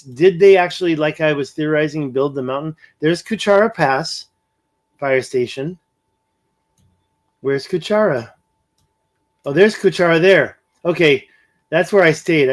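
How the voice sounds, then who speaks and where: Man, slightly high voice, casual livestream host, rambling, thinking aloud, reading chat.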